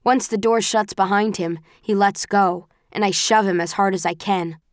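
A woman reading a first-person audiobook in a measured, even storytelling manner. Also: medium pitch, dry recording, studio quality. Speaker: audiobook narrator. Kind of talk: scripted first-person narration.

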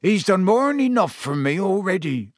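A huge, soft-hearted gamekeeper with a broad, rough country way of talking, as a male narrator puts him on. The voice sits raised and a bit strained, set close and dry with no room around it in a storybook reading. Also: fairly high pitch, expressive, unhurried, no room sound, voice pushed up, heavily acted. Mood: gloomy. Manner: broad rustic dialect speech.

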